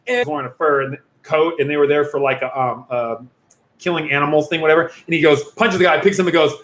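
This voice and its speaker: A fast-talking youth pastor runs a laid-back Q&A livestream for young people, rambling, chatting, and frequently breaking off partway through sentences. His voice is on the high side and a bit bright, with fairly even intonation, picked up by a computer or phone mic in an echoey room.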